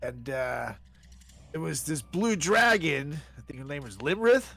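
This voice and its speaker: An excitable man chats casually as a player in a tabletop game. His voice is fairly high and lively, with a gravelly rasp and a bright tone. Music plays faintly behind him. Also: a little slow. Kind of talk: casual tabletop gaming chat.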